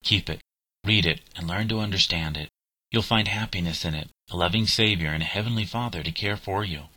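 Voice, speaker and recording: A courteous, earnest old gentleman in an audiobook, voiced by a man with a deep, bright tone. He speaks politely and gravely. The recording is dry. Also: brisk, no echo, poor audio.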